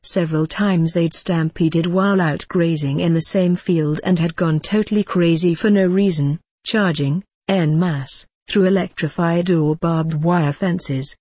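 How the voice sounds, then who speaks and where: A narrator reading a tense rural story in a steady, measured audiobook style, with a husky tone. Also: mid-range voice, no room sound, clean studio sound.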